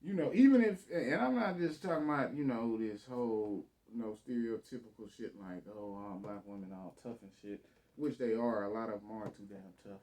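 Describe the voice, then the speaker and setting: A man's voice: lowish voice, normal speed, darkish tone. A man giving casual reaction commentary on a debate clip, blunt, slangy and profane, talking over the clip.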